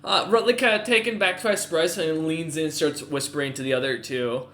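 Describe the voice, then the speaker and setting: Halting bright-voiced man running a game. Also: a little high, reverberant. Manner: halting, full of ums and uhs. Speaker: game master. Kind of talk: narrating a tabletop game.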